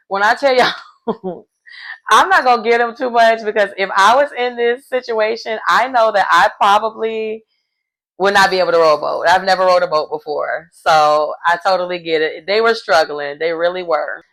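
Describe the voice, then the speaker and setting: A woman, recapping a reality show in a casual, animated way and laughing often. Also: medium pitch.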